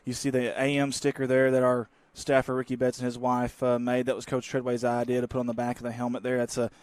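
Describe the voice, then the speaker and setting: A man calling a local high school football game, folksy and excitable, bursting into shouts on big plays. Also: fast, smooth, no room sound. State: out of breath. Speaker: play-by-play announcer.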